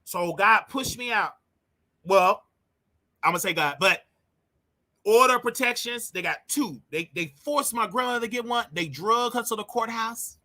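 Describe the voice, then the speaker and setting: A man with a sharply bright voice relives a painful family story as a host talking straight to his listeners. He is emotional and animated, circling back over his words as he goes. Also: high voice, moderate pace. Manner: emotional, animated, repeats himself. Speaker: show host. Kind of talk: personal storytelling monologue.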